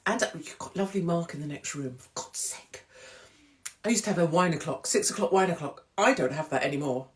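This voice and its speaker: A woman's voice: low-pitched, a little fast. Brash, swearing woman host. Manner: brash, swearing, mocking, chatty. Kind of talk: casual comedic monologue. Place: indoors at home, pub-themed set.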